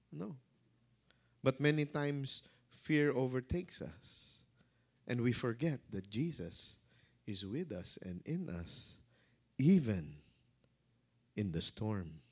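A male pastor preaching a sermon, dramatic, swinging between loud calls and hushed words. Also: mid-range voice, lively intonation, takes it slowly, long pauses.

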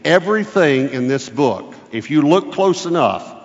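A man's voice: on the high side, lively intonation, a little slow. A middle-aged man preaching in a church, his voice carrying a long reverb through the sanctuary. The sound is a bit dull and muffled. He talks in a folksy, emphatic way and leans hard on his key words. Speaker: guest preacher. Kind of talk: sermon. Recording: muffled, echoey church hall.

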